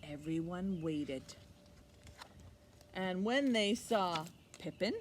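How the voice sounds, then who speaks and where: A woman librarian reading a picture book aloud to children, expressive and animated, pausing for little asides to the listener. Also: on the low side, slight background noise. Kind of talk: storytime read-aloud for children.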